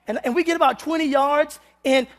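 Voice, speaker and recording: A male preacher with a very high voice tells a comic story from the pulpit, animated and bursting into shouts. His words ring out with a long reverb in a large hall. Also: brisk. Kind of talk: humorous sermon storytelling.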